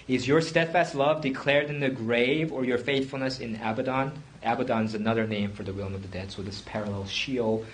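A man preaching a sermon in a conversational teaching manner, often pausing with fillers and restarting his sentences. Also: mid-range voice, a bit bright, a little hiss or hum.

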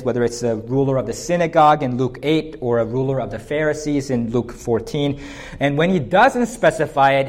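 A male pastor preaching an expository sermon, lifting his voice on emphatic points. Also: medium pitch.

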